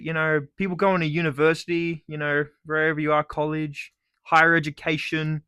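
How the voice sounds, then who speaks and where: Australian man, young adult, casual vlog rant, sarcastic and profane, bright forceful tone, fairly high voice, dry close sound. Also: normal speed, smooth, no echo. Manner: profane, sarcastic, animated ranting. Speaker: YouTuber.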